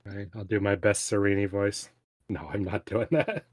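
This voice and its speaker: A man co-hosting a casual book discussion podcast, relaxed, with frequent "you know" fillers. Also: fairly low pitch, moderate pace, slightly rough, no room sound, studio quality. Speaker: podcast co-host.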